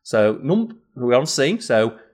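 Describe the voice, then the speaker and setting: A man's voice: mid-range voice, sing-song, slow pace, a little mellow. A man, co-hosting a casual podcast chat and explaining slang with playful acted examples. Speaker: podcast co-host.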